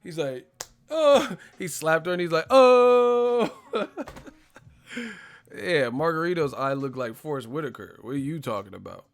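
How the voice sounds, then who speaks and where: Animated, laughing man on a live chat. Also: medium pitch, normal speed, creaky. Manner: animated storytelling, laughs often, acts out movie lines; profane, slangy. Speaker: host of a live boxing stream. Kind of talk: casual live-stream chat.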